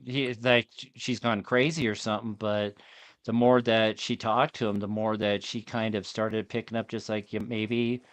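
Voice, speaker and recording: A man's voice: on the low side, level tone, measured pace, smooth, no echo. A man hosting a casual podcast chat over a video call. He rambles and often restarts his sentences. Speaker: podcast host.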